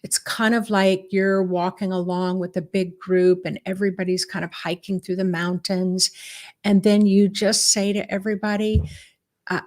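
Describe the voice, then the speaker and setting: Chatty woman spiritual teacher. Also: mid-range voice. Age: middle-aged. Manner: chatty and encouraging, guides the listener through visualizations. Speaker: spiritual teacher hosting a live stream. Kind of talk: casual spiritual talk to viewers.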